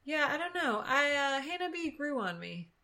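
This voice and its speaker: A woman's voice: high voice, big pitch swings, moderate pace, pushed and bright. A young woman casually chatting as a podcast co-host, joking and filling her talk with "like" and "um.". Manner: chatty, joking, lots of fillers and "like". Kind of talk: casual chat recapping a reality TV episode.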